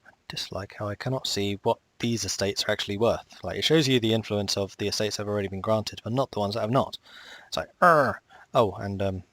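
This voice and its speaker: A man with a fairly low voice talks his way through a strategy game in a casual, self-directed way. He mutters asides, chides the game's units and drops to near whispers, with mouse clicks behind him. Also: steady tone, fast, dry recording. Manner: muttering to himself, talking at the game. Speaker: strategy game let's player. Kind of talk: casual gameplay commentary.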